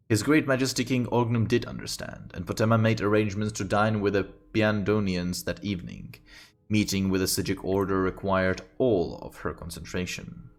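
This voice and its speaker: A man reading a fantasy story aloud on a stream, with steady, unhurried storytelling. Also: lowish voice, creaky.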